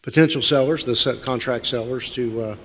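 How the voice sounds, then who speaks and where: A man presiding over a city council meeting in a formal, measured manner. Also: mid-range voice, fairly bright tone, slight background noise.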